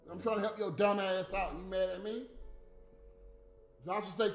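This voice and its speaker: A man with a high-pitched voice goes off in a profane, scolding livestream rant, with loud bursts. His voice rings in an echoey room, and faint music plays underneath. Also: moderate pace, long pauses. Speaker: livestream host. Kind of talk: unscripted ranting monologue.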